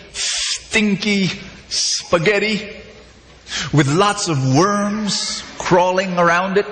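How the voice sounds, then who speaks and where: Brief: pushy restaurant customer played by a male preacher, higher pitched and slow, drawn-out and emphatic, heard in an echoey hall. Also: a bit bright, heavily acted. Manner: emphatic, relishing disgusting details. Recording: echoey hall, faint noise.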